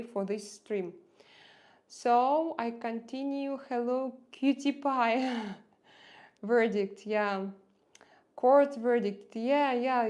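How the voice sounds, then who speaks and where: Hesitant woman host, Russian accent, unhurried livestream chatter. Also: a little high, a little mellow. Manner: hesitant, many fillers, searching for words. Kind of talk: casual livestream chat with viewers.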